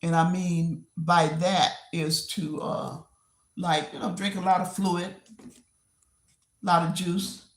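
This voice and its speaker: A woman hosting a casual livestream from home while she clears her desk. She rambles and repeats herself, laughing often. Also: lowish voice, little pitch movement, slow, long pauses. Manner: rambling and repetitive, with frequent laughs. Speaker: livestream host. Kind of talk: casual live-stream chat. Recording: roomy echo.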